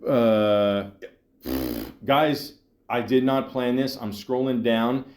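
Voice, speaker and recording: A man's voice: mid-range voice, steady tone, slow pace, a little mellow. A man hosting a podcast alone, rambling casually with many fillers and restarts. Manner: breaks into voice impressions of movie lines. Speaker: podcast host. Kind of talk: casual solo movie talk.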